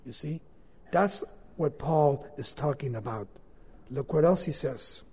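A male preacher tells a Bible story in an informal way, his loudness swinging from forceful to hushed. His voice sits high. The sound rings in a hall with a long reverb. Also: measured pace, breathy edge. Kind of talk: sermon.

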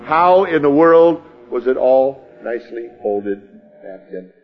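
A man's voice: mid-range voice, animated, slow, muffled recording. A man preaching a sermon in a folksy way, reading scripture and acting out the scene in his own words. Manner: folksy, acts out the scene, chuckles. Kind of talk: sermon teaching.

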